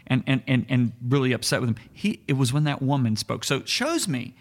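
An earnest man co-hosting a faith talk show, retelling scripture with animated energy. He stumbles and restarts as he builds his points. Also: medium pitch, fairly quick, hardly any pauses. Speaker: co-host. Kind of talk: casual Bible teaching chat.

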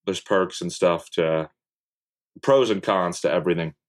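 A man's voice: sits low, unhurried. A young man, a content creator guesting on a podcast, talking in a laid-back, rambling way with casual swearing and lots of fillers. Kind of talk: casual interview chat.

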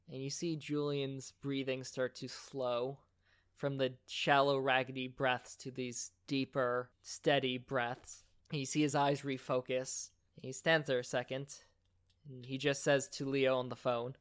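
A man narrating as game master of a tabletop game, in a relaxed, conversational way with fillers. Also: medium pitch, a little slow, smooth.

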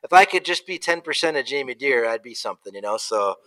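A man's voice: mid-range voice, animated, fast, bright, forceful tone, poor audio. A man co-hosting a podcast in a casual, self-deprecating way. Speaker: podcast co-host.

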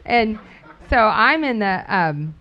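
A middle-aged woman speaking casually to a group, telling stories with frequent laughter and acting out quotes in sudden high squeals. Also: very animated, slow pace. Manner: laughs often while talking. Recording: dull lo-fi recording.

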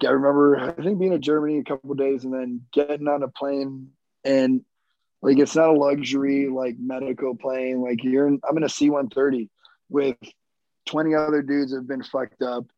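A man's voice: mid-range voice, gravelly, dark tone, dry recording, dull audio. A young man, a wounded Marine veteran, telling his story in a candid, rambling, profane way as an interview guest.

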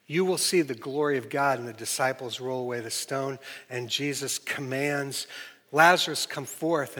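A man's voice: medium pitch, fairly bright tone. A male pastor preaching a sermon, telling the story with animation and acting out the people he quotes. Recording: long reverb of a large hall.

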